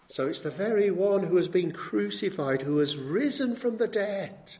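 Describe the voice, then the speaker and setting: High-voiced preacher man, emphatic. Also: animated, moderate pace, few pauses, a little mellow. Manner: emphatic, with rhetorical tag questions; repeats key words for emphasis. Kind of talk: sermon.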